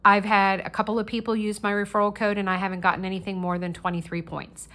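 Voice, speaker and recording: A woman's voice: medium pitch, little pitch movement, quick pace, a bit bright. A middle-aged woman hosting a crafting channel, chatting casually and earnestly while she works on a diamond painting.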